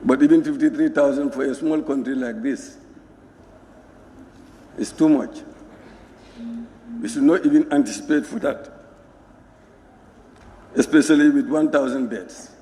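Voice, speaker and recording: A man, a member of parliament making a measured, formal speech in support of a report. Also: medium pitch, dark tone. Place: parliament chamber. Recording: long reverb in a hall.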